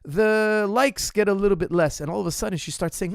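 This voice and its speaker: A man's voice: sits high, fairly quick, vocal fry, hardly any pauses, no echo, clean studio sound. A man coaching in an ask-me-anything session, speaking bluntly and emphatically and repeating his points straight to the viewer. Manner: addresses the viewer directly. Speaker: martial arts coach.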